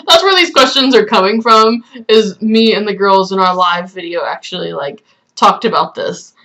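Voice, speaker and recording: A woman's voice: mid-range voice, moderate pace, fairly bright tone. A woman hosting a casual couple chat, laughing often between her lines. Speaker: channel host.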